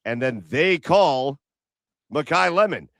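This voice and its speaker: A man's voice: on the high side, animated, takes it slowly, fairly bright tone, dry recording. A man co-hosting a casual sports podcast over beers, telling stories bluntly with some swearing. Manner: blunt, profane storytelling. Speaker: podcast co-host.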